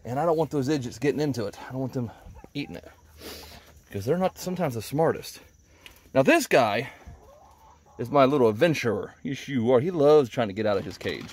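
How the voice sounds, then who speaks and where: A man's voice: medium pitch, animated, fairly quick, pauses often, darkish tone, slightly rough. Rambling man chatting at the animal pens. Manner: rambling, talks to his animals. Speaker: homesteading vlogger. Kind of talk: casual chat while doing farm chores. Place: outdoors at backyard animal pens. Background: chickens clucking.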